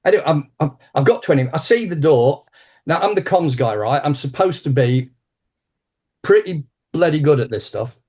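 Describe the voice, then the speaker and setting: A man's voice: fairly high pitch, moderate pace, husky. Man in his sixties telling stories. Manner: animated anecdotal storyteller with frequent restarts. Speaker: interview guest, martial arts teacher. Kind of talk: conversational interview storytelling.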